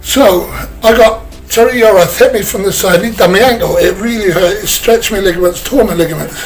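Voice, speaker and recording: Older english bloke, higher voice, rambling football stories, faint music under it. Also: male voice, a little fast, rough recording. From England. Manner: chatty anecdotes with laughs, mimics voices. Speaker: former footballer, guest. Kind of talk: casual storytelling interview.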